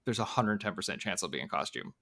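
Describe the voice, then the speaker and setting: A man co-hosting a podcast in casual chat, teasing and lively. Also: fairly low pitch, fast talker. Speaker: podcast co-host.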